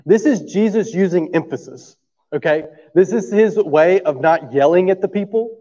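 Male pastor, casual sermon delivery, mellow slightly raised voice, dull lo-fi recording, checks in with the room. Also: high-pitched, moderate pace, long reverb tail. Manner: conversational, asks the room for agreement often. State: coughing from allergies.

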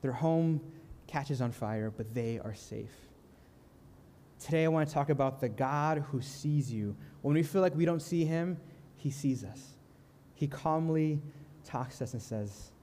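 A young man preaching a sermon, telling a story in a calm, earnest way and slowing down softly on key lines. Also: mid-range voice, big-room sound, slight background noise. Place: church sanctuary.

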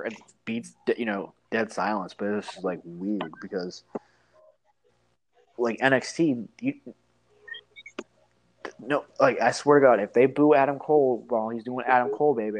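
A man co-hosting a casual podcast over an online call. He rambles, restarts his sentences and stacks up fillers. He swears freely as he goes. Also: mid-range voice. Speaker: podcast co-host.

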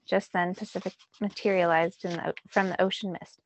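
A woman teacher reading a children's novel aloud in a steady storytelling way. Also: fairly low pitch, brisk, no echo.

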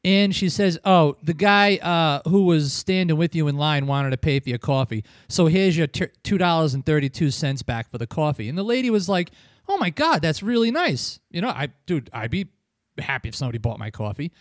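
A man's voice: on the high side, animated, brisk, no room sound, clean studio sound. A man hosting a casual podcast chat, telling a long rambling story full of swearing and chuckles. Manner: profane, rambling, chuckles often. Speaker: podcast host.

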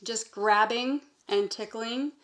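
A woman guest recounting a personal memory in an earnest, halting way, linking thoughts with repeated "and". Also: fairly high pitch, a bit bright. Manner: earnest, halting, strings sentences with "and". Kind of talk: personal testimony in conversation.

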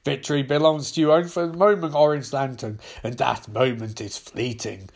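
A man's voice: medium pitch, fairly even intonation, a little fast, creaky. A man voicing a grave male alien hero from a comic, speaking solemnly and ominously.

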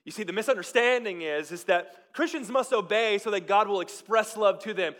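A man preaching a sermon as pastor, moving between loud, emphatic lines and quiet, hushed ones. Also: high voice, expressive, moderate pace, few pauses.

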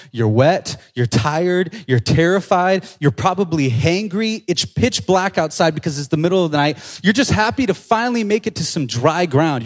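A young man giving a casual youth sermon, animated and excitable, full of slang as he retells and reads a scripture passage. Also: a little high. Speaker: youth pastor.

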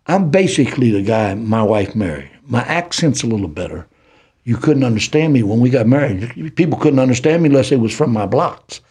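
An older man with a Southern US city accent, telling his life story as a podcast guest in a preacherly, animated way. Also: mid-range voice, brisk, husky. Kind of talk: storytelling testimony.

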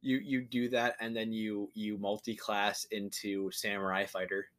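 A man's voice: lowish voice, level tone, moderate pace, fairly bright tone. Rambling young man chatting casually. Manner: rambling, swears casually, frequent fillers and restarts. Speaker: podcast co-host. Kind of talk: casual chat.

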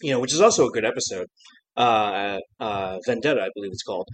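A man's voice: fairly low pitch, fast talker, low-quality recording. A man co-hosting a podcast, talking casually about a cartoon episode, rambling and restarting his sentences with frequent laughs. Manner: rambling, self-interrupting, laughs often. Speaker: podcast co-host.

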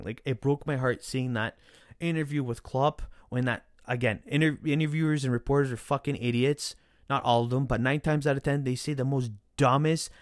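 A man hosting a football vlog, recapping matches in a casual, animated way, swearing freely as he rants. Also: medium pitch, no room sound, studio quality.

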